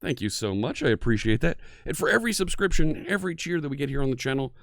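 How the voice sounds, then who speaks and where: A man's voice: medium pitch, big pitch swings, fast talker, fairly bright tone, dry recording, clean studio sound. A man hosting a live coding stream in a casual, chatty way, greeting viewers one by one.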